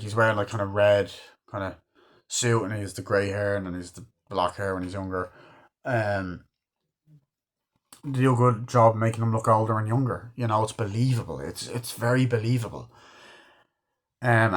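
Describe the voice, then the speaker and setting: Man, casual film review, rambling and enthusiastic, swears a lot. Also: fairly low pitch. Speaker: movie reviewer.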